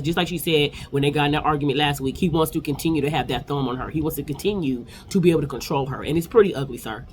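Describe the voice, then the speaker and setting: A woman's voice: deep voice, a little mellow, a little hiss or hum. A woman in her forties giving a chatty, opinionated casual recap of reality TV episodes.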